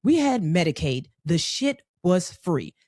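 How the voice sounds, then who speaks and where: A woman telling a personal story in a conversational, animated way, with frequent profanity. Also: lowish voice, measured pace, no room sound, clean studio sound.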